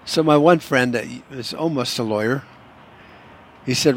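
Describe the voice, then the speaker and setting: A man's voice: mid-range voice, normal speed, long pauses, a little hiss or hum. A man hosting a solo podcast, ranting in a profane, sarcastic way. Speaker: podcast host.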